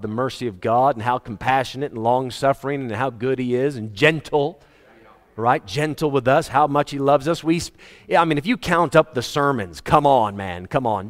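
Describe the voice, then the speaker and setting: A man preaching a sermon to his congregation, emphatic and animated, with joking asides. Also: medium pitch. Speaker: pastor. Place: church hall. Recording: reverberant church hall.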